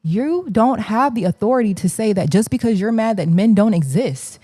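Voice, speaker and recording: A woman's voice: mid-range voice, expressive, normal speed, few pauses, warm tone, no echo, clean studio sound. A woman giving a fiery, preachy livestream monologue, blunt and colloquial, hammering the same challenges again and again. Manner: blunt, colloquial, drops into slang.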